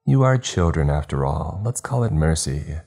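Brief: male narrator doing a mocking villainess, very low, dark voice. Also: expressive, moderate pace, gravelly, husky, exaggerated voice. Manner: light, mocking. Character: cruel smiling woman on a screen.

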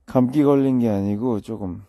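A man's voice: very fast, mellow, no room sound, studio quality. A sleepy young man, a singer, chatting casually on a late-night phone livestream while he reads out comments. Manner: low-key, murmured, answers comments in English and Korean.

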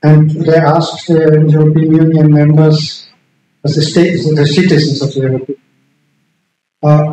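A middle-aged man, a political science lecturer, giving an unscripted conference talk, halting and repeating words as he searches for phrasing. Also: on the high side, little pitch movement, mellow. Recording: very echoey room with faint background noise.

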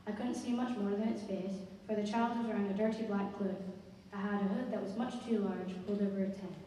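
A woman giving a slow, expressive dramatic reading of a ghost story. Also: mid-range voice, slight background noise. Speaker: story reader. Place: school concert hall. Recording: echoey hall from far off, faint ambience.

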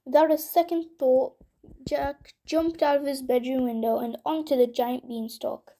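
Woman storyteller, high mellow voice, slow bedtime reading.

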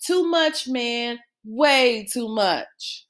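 A woman's voice: a little high, animated, drawn-out words, a bit bright, voice pushed up, heavily acted. A woman doing a slangy impatient teenage boy. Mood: excited.

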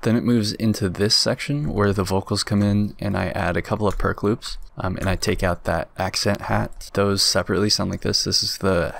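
A man's voice: fairly low pitch, steady tone, normal speed, gravelly, hardly any pauses, fairly bright tone. A young man casually walking through how he built a beat, laid-back and rambling, with lots of filler words. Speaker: beat producer. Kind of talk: casual tutorial walkthrough. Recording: music faintly underneath.

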